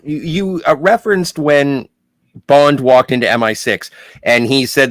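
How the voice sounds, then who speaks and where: A man's voice: fairly high pitch, measured pace, no echo. A man co-hosting a podcast, chiming in with enthusiastic fan reactions. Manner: enthusiastic fan, excitable asides. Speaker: podcast co-host. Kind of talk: casual podcast chat.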